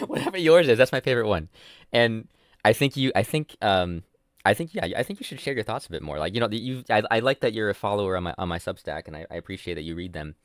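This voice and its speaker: Low-voiced guy rambling and swearing in a casual chat, dry close sound. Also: lively intonation, quick pace, no echo. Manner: rambling, swears a lot, self-mocking. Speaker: host.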